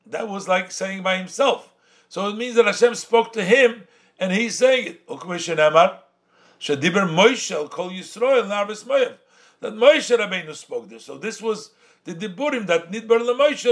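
A man's voice: high-pitched, animated, moderate pace, a bit bright. A man with a somewhat raised voice teaches a Torah text. He reads a phrase, translates it, then restates the point in a sing-song study cadence, slipping Yiddish and Hebrew terms into his English. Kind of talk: Talmudic-style study lesson.

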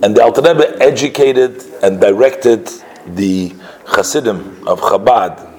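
A man telling a religious story as a lesson, in a halting way with many filler sounds and restarts. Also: lowish voice, a little mellow, poor audio.

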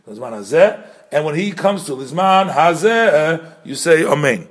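A man with an of giving an informal religious lesson, explaining step by step and often pausing, repeating words and correcting himself. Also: a little high, expressive, slightly rough. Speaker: teacher explaining prayer customs.

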